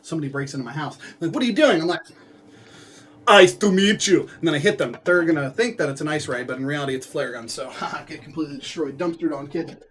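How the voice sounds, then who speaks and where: A man with a notably high voice casually retells a story from a book, rambling through it with plenty of filler words. He breaks off now and then into playful asides to his viewers, talking from home. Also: racing, a little hiss or hum. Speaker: book recapper.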